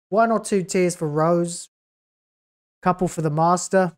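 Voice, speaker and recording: A woman's voice: fairly low pitch, measured pace, long pauses, darkish tone. A woman hosting a video reaction, talking in a sarcastic, scathing way with exasperated groans. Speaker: YouTube reaction host.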